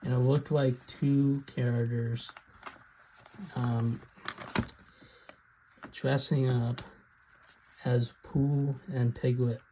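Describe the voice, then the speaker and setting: Man, casual movie rant, monotone, mellow low-key voice, hesitant. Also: very slow, pauses often, slight background noise, poor audio. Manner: rambling, hesitant, many ums. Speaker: video host. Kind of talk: casual rant about films.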